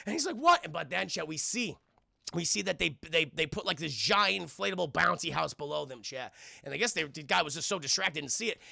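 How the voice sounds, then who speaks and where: A man's voice: a little high, a little fast, creaky, bright, forceful tone, dry recording, clean studio sound. A man streaming live, recapping a film scene by scene in a rambling, profane way and talking to his chat. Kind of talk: casual livestream film recap.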